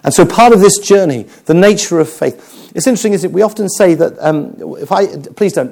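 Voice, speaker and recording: A man preaching a sermon, moving between humour and hushed, serious storytelling. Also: high-pitched, moderate pace, gravelly. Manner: animated, humorous preaching with dramatic quiet passages.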